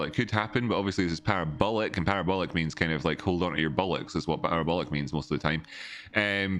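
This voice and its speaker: A man talks through market charts on a casual home livestream, and his voice sits very low. He rambles, restarts his words and breaks off to chat with his viewers. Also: fairly bright tone. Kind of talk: casual live-stream chart analysis.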